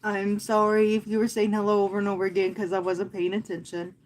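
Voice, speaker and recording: A woman who hosts live fitness classes, talking earnestly and from the heart to her viewers in a casual livestream, often pausing and speaking softly. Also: medium pitch, level tone. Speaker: fitness instructor and livestream host.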